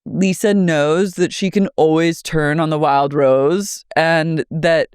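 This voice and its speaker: A podcast co-host recapping a reality show in casual, playful, gossipy chat and acting out quotes in higher voices. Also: steady tone, slow, a little mellow, clear, resonant tone, dry recording, clean studio sound.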